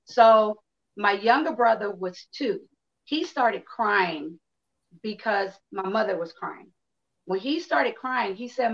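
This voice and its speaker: A woman in her fifties, from Chicago, tells her own story with frank, lively delivery. She acts out what people said and swears freely. Her pitch sits in an ordinary middle range, and the recording sounds a little dull and lo-fi. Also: measured pace. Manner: candid, animated storytelling with acted-out quotes and swearing. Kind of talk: personal storytelling to an audience.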